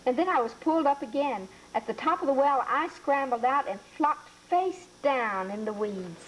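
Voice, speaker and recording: A woman reading a children's storybook aloud in a slow, deliberate way. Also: a little high, a little hiss or hum, low-quality recording.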